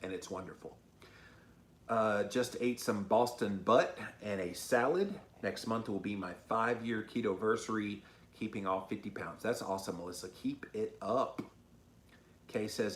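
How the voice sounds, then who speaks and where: A man's voice: lowish voice, a little slow. A man hosting a casual livestream, reading out viewer comments and answering them in an upbeat, chatty way. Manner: upbeat, chatty, frequent ums and uhs. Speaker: host of a diet livestream. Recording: roomy echo.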